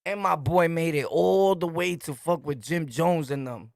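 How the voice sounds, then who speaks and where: A man's voice: fairly high pitch, unhurried, creaky, darkish tone, dry recording, clean studio sound. A middle-aged man from Brooklyn with a New York accent, hosting a podcast and telling street stories in emphatic slang, laughing often. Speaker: podcast host. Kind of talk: casual storytelling monologue.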